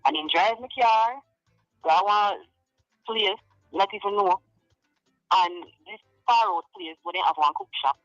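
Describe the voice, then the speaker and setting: A man's voice: high voice, unhurried, pauses often, a bit bright, no room sound, soft background music. A Jamaican man recounting an ordeal in an interview, rambling and repeating himself as he quotes others. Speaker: interviewee in a played clip. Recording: dull lo-fi clip audio.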